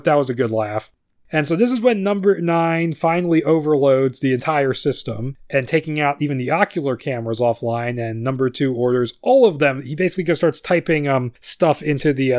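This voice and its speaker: A man's voice: medium pitch, a little mellow, no echo, clean studio sound. A man hosting a podcast, giving a casual, amused recap of a screenplay's plot, often restarting his sentences. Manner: chatty, amused, with frequent restarts. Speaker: podcast host.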